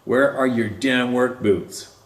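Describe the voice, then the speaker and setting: A short-tempered, abusive grown man barks his orders in a harsh, raised voice, as a male narrator puts him on. The voice sits fairly low and rings in an echoey room. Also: steady tone, normal speed, a bit bright, recorded from a distance. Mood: angry yelling. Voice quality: harsh, barking.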